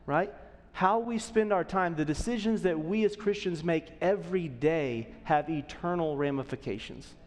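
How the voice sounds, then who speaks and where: High-voiced man preaching in a hall. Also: moderate pace, hardly any pauses. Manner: conversational, often checking in with "right?". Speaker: pastor. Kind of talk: sermon. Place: church auditorium.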